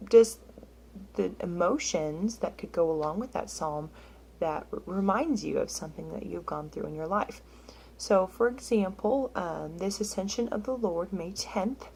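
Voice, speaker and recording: A woman's voice: medium pitch, darkish tone, a little hiss or hum. A woman in her thirties talking a learner through practice steps in a casual, chatty way, with lots of fillers and check-ins. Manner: slows down and drops to a whisper when reading scripture aloud. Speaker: music teacher. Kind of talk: casual instructional talk.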